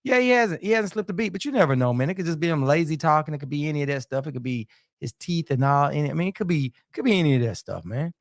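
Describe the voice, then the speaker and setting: On a casual boxing live stream, a man with a voice on the high side talks quickly with lively intonation, looping back on himself and tossing "man" and "you know" into almost every line. The sound is clean studio audio without room sound.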